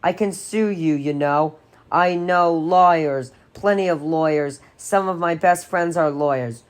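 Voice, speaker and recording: A loud, overbearing mother who bellows and makes threats, as a woman acts her out. Her demanding voice sits higher than the reader's own low tone. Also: measured pace.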